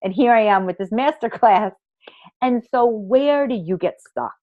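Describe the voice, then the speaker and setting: Theatrical, lively-voiced woman workshop host. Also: fairly high pitch, a little slow, dry recording, muffled recording. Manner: theatrical, emphatic and gushing, with swearing. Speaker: online workshop host and women's coach. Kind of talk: live online masterclass talk.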